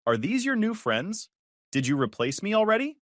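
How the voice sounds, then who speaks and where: A man voicing a drunk, furious young woman who yells at her ex and breaks into tears. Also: big pitch swings, moderate pace, dry recording, clean studio sound. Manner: shrill yelling, voice cracking. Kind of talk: storytelling voice acting.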